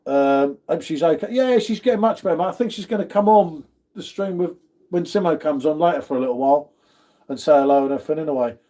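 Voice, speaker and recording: A man from the United Kingdom, with a dark tone and a voice on the high side, talks at a quick pace while hosting a casual livestream. He chats with viewers, reads their comments, and refers to each of them as "mate."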